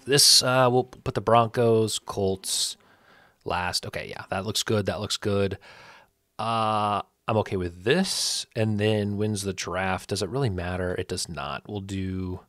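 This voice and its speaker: A man hosting his own sports channel, thinking aloud in a loose, self-correcting ramble that turns animated when he rants. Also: lowish voice, measured pace, dry recording, clean studio sound. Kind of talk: casual solo commentary.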